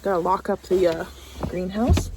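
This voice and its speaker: A woman's voice: on the low side, normal speed, noisy background. A woman in her thirties vlogging casually from her snowy homestead, rambling and self-deprecating, with a cold. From Central Oregon. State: has a cold, out of breath from trudging through snow. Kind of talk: casual vlog narration. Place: outdoors on a snowy homestead and greenhouse.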